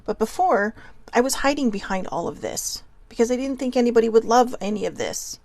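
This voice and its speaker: A woman's voice: a little high, expressive, fairly quick, creaky, a little mellow, dry recording. A woman hosting a casual self-help talk, chatty and goofy, laughing often and a little nervous. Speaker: podcast host.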